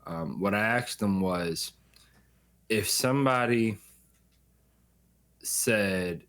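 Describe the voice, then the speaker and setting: A man's voice: on the low side, a bit bright. A man co-hosting a podcast in casual banter, joking and swearing while giving his take. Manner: joking, profane, talks in quick asides. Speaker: podcast co-host.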